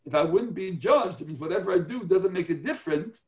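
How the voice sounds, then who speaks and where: A man's voice: high voice, animated, fairly quick. A man teaching a religious class on prayer, earnest and explanatory, often checking in with his listeners.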